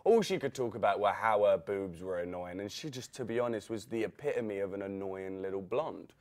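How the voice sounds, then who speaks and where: A man's voice: on the low side, brisk, darkish tone. A man co-hosting a casual TV recap chat, blunt and cheeky, laughing often. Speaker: co-host.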